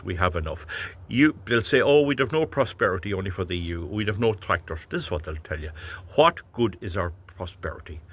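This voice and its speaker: A man's voice: lowish voice, a bit bright, breathy edge. A man with an Irish accent giving a blunt, rambling political monologue to camera, stumbling over words and chuckling as he goes. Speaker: vlogger.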